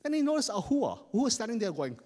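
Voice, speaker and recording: Animated storyteller with a Hawaiian Pidgin accent. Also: male voice, very high voice, fast talker, long reverb tail. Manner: animated, dramatic, explains slang. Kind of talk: live folktale telling. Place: festival stage.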